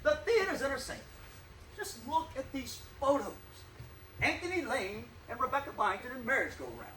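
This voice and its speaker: An actor playing a vain, self-doubting stage actor who declaims grandly and then sinks into nervous gloom, in a live stage play. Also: male voice, very high voice, sing-song, moderate pace, bright, forceful tone, exaggerated voice. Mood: anxious, grandiose. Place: theater stage. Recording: echoey stage, distant mic, faint hiss.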